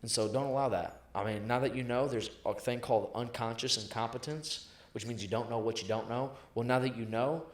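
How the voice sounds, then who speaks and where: A man's voice: medium pitch, fairly quick, few pauses. A man being interviewed about sales, talking in an emphatic, blunt and profane way, repeating lines for punch. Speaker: sales professional guest. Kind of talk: motivational interview talk. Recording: echoey room.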